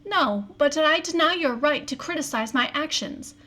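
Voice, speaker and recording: A cool, defiant young wife, voiced by a woman reading a novel aloud. Her replies are clipped and icy. She stays controlled, with a slightly raised pitch. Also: animated, moderate pace, pushed and bright. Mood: cold defiance.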